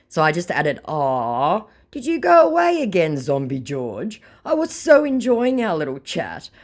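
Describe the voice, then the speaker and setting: A woman giving casual, sarcastic commentary as she baits a scammer. She swears freely and mocks him as she goes. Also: a bass voice. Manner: sarcastic, mocking. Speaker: scambaiter.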